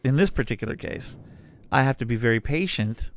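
A middle-aged man co-hosting a podcast in casual chat, animated and jokey. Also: mid-range voice, fairly quick. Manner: animated, jokey, laughs often. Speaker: podcast co-host, freelance voice talent.

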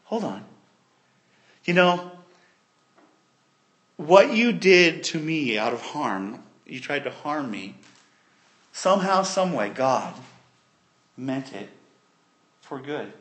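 A man voicing a powerful biblical man who gently reassures his brothers in a sermon retelling. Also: high-pitched, normal speed, close to an everyday voice. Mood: reassuring. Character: forgiving powerful man, calm and kind.

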